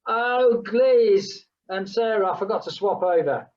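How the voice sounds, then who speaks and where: A woman's voice: medium pitch, unhurried, a little mellow, dull audio. A woman leading a group exercise class, chatting between count-downs and humming playful sounds. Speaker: fitness instructor.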